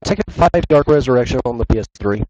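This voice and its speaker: A man's voice: medium pitch, animated, fast, darkish tone, no room sound, lo-fi sound. A man ranting in a casual podcast chat, swearing a lot. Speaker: podcast co-host.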